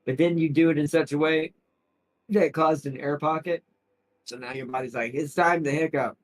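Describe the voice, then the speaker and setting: A man's voice: fairly high pitch, steady tone, moderate pace, low-quality recording. A man streaming a strategy game, rambling through casual commentary with frequent laughs and restarted sentences. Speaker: gaming streamer.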